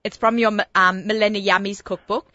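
An Australian woman hosts a casual radio interview from the studio, chatty and quick to laugh. Her voice is bright and crisp, close and dry with no room around it. The sound is a little dull at the top. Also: medium pitch, steady tone, no echo. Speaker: radio show host.

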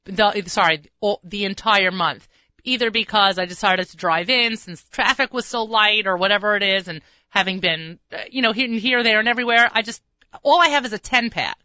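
Bright chatty New woman radio host. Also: medium pitch, dry recording, muffled recording. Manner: chatty, rambling storyteller with quick asides. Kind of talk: casual radio chat. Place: radio studio.

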